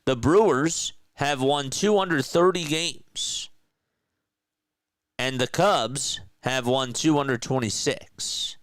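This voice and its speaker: Smooth-voiced casual play-by-play man. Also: mid-range voice, takes it slowly, no room sound. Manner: casual, chatty, talks to viewers. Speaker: play-by-play host. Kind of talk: amateur play-by-play commentary with chat.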